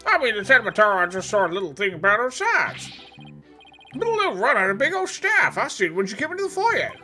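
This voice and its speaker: Streamer doing a high, twangy, jumpy thief witness; folksy and braggy, lots of swoops. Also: big pitch swings, fast talker, sharp tone, soft background music. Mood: boastful. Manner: high, yelping, folksy drawl. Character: nervous twangy old thief witness, boastful.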